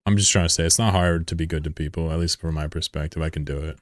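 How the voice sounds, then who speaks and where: A man's voice: a bass voice, steady tone, quick pace, dry recording. A man streaming a game, chatting casually with his audience in a rambling, profane way and chuckling often. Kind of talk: casual live-stream commentary.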